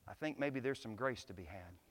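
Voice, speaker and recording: A man preaching a sermon to his church, telling stories and building to loud, impassioned climaxes. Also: lowish voice, expressive, brisk, big-room sound. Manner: preaching, swells to shouts at climaxes. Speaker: pastor. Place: church sanctuary.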